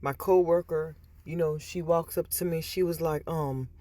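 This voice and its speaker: She has a low, warm voice with fairly even intonation and speaks at a moderate pace. As a vlogger in a store, she chats casually with viewers, repeating herself and voicing the people in the stories she retells.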